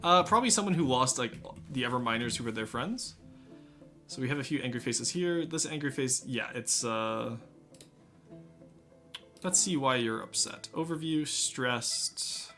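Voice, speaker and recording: A man's voice: mid-range voice, lively intonation, a little slow, sharp tone, soft background music. A man streaming a game live, chatting and joking with his viewers while he plays. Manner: chatty, joking, talks to chat. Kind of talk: casual live game commentary.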